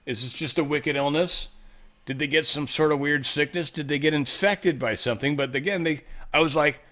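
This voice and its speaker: A man's voice: fairly high pitch, moderate pace, fairly bright tone. A man hosting a show, giving a casual news commentary monologue in an irreverent, joking and often profane way. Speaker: show host.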